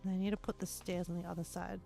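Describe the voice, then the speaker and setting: A woman livestreamer chatting casually while she builds in a game, rambling and excitable and laughing often. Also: lowish voice, quick pace, creaky, soft background music.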